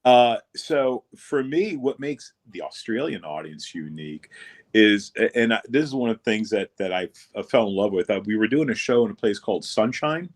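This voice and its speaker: A man's voice: lowish voice, lively intonation, normal speed. A man, a comedian guest on a radio show, telling rambling stories in casual chat. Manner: rambling storytelling, acts out voices.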